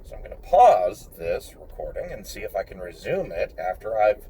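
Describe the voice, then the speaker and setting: A man's voice: fairly low pitch, sing-song, moderate pace, hardly any pauses, mellow. Blunt man rambling while driving. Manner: blunt, opinionated, swears freely. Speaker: vlogger. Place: in a car. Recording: distant mic in a car, faint engine noise.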